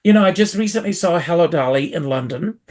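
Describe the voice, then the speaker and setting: A man from South Carolina, a performer, telling his story as a guest in an interview, with lively theatrical emphasis. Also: fairly high pitch, fast.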